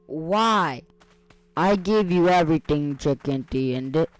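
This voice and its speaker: A man playing a video game and commenting on it, excitable and frantic, often shouting out in bursts and talking to himself in casual slang. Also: fairly high pitch, brisk, no room sound, faint music behind. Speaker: gaming video creator.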